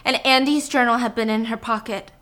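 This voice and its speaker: A woman's voice: a little high, fairly even intonation, fairly quick, fairly bright tone. A woman recapping a film plot to a friend, acting out quoted lines and dropping to whispers for tense moments. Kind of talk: animated movie recap with acted-out quotes.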